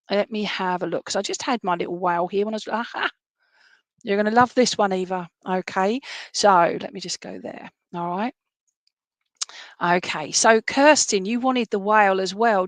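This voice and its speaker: A woman's voice: mid-range voice, dry recording. A woman psychic medium giving a chatty, rambling live-stream reading, full of fillers and restarts.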